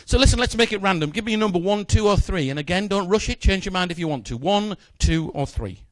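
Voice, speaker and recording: A man's voice: high-pitched, lively intonation, quick pace, a bit bright, no room sound. A man performing a magic routine, chatting jokily with a volunteer from the audience on stage. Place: stage in front of a live audience.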